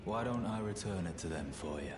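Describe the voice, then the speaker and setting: An actor playing a smooth, scheming man in a video game who coolly claims a stolen dagger, speaking in a calm, condescending way. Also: low-pitched, fairly quick. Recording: roomy game audio over loud noise.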